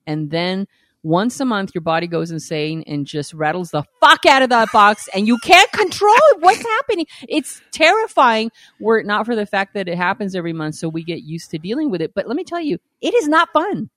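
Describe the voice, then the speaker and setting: A woman's voice: medium pitch, very animated, a bit bright, no room sound, studio quality. Blunt, profane woman co-host. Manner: blunt, profane, quick to laugh. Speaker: podcast co-host. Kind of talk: casual chat.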